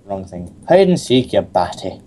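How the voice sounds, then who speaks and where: Cheeky deep-voiced gamer guy. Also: big pitch swings, moderate pace, mellow. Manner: teasing, cheeky and sarcastic. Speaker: co-host gamer. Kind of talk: casual gaming chat.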